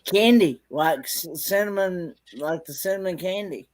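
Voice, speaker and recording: A man's voice: sits high, measured pace. A man chiming in to a casual chat with short, hesitant remarks.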